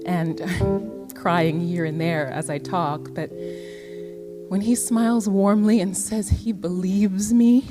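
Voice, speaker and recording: A woman with a fairly low voice tells her own life story earnestly in the first person, sounding emotional as her pace shifts.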